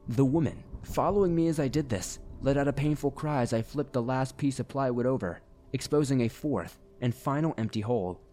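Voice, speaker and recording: Guy reading a scary story, steady and grave, bit of music under it. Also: mid-range voice, fairly quick. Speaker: narrator. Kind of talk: first-person horror story narration. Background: faint music.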